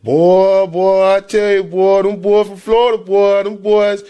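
A man imitating a booming young Southern football teammate with a Mississippi accent, repeating "boy" in a drawn-out way. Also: little pitch movement, mellow, clear, resonant tone. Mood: boastful.

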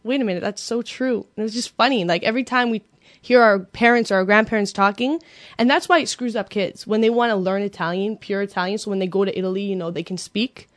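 A woman's voice: mid-range voice, fast talker, no room sound. Casual woman storyteller from Canada, chatty, giggly, filler-heavy, dry close sound. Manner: chatty, laughs often, many "like"s and fillers.

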